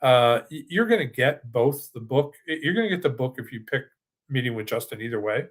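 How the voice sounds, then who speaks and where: A man's voice: mid-range voice, expressive, fairly quick. An older man, a financial advisor, hosting a webinar in a chatty, rambling style and answering audience questions. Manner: chatty, with frequent restarts and asides. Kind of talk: casual presentation with live Q&A.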